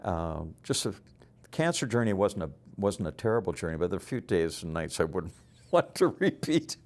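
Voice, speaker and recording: An older man, a business leader and guest, telling a personal faith story in an earnest, halting way. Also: low-pitched, very animated, darkish tone. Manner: earnest, halting testimony with restarts.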